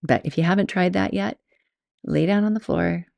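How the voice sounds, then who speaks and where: A woman's voice: lowish voice, moderate pace, creaky, a little mellow, dry recording. A woman host and yoga teacher telling stories in a chatty, rambling way, laughing often. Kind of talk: casual storytelling monologue.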